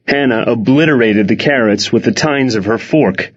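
A man reading first-person audiobook narration in a wry, expressive way. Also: mid-range voice, moderate pace, slightly rough. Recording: dull lo-fi recording.

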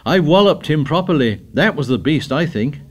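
A man doing an excitable, boastful young schoolboy in a storybook reading. The voice is pitched well up, eager and insistent. It comes across as a bright, pushy bragging kid. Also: normal speed. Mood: boastful, excited.

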